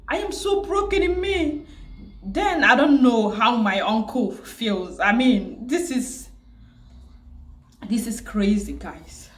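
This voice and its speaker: Tearful, grieving woman, slow. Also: a little high, roomy sound. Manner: grieving, repetitive, pausing often. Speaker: vlogger. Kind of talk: emotional personal vlog.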